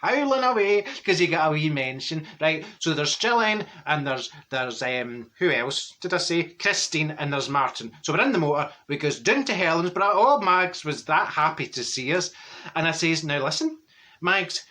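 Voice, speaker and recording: In a gossipy comic monologue, a man plays a middle-aged Glasgow woman with a Glaswegian accent, telling rambling stories full of exclamations. His voice is fairly high, expressive, bright and forceful, at a normal speed.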